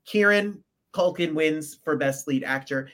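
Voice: medium pitch, a little slow, a bit bright. A podcast co-host reading out award winners from printed notes in a casual way, with fillers and stumbles.

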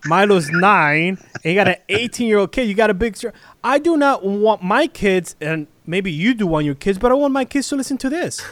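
A man's voice: high-pitched, animated, brisk, a bit bright. A man co-hosting a casual chat, talking in an emphatic, mocking way. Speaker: podcast co-host.

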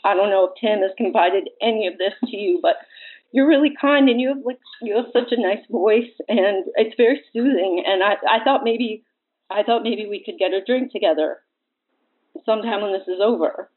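A woman playing a husky, flirty caller on a phone line. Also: mid-range voice, moderate pace, natural voice. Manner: earnest, drifting into flirting. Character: flirty anxious sister of an injured player. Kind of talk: comic prank call.

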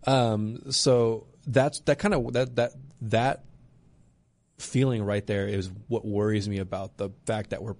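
A man with a low voice talks casually on a gaming podcast. He sounds nostalgic and loose, leaning on fillers as he builds his point. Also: steady tone, unhurried, darkish tone, no room sound. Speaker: podcast co-host.

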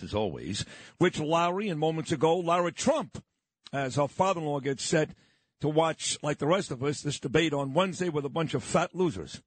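A male talk radio host in a studio, blunt and fired up as he rails through his monologue and talks with a guest. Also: on the high side. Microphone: studio microphone.

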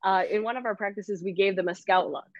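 A woman's voice: mid-range voice, quick pace. Laughing woman coach, lo-fi sound. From Canada. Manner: animated and laughing, fills speech with "like". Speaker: football coach, guest. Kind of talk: casual interview chat. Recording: dull lo-fi dry sound.

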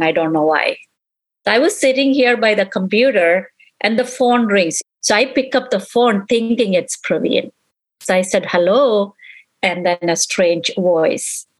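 A middle-aged woman, a mother, giving an earnest, halting personal account in an interview, acting out what others said. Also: mid-range voice, low-quality recording. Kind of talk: emotional personal recollection.

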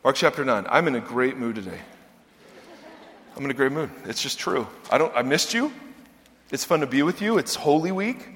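A man preaching a sermon as pastor, animated, dropping low and quiet then rising loud and emphatic. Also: moderate pace, long pauses. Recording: reverberant hall.

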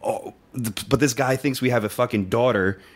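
A man's voice: mid-range voice, normal speed. A young man on a casual podcast telling an anecdote, acting out the voices of the people he quotes. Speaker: podcast co-host. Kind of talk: casual storytelling chat.

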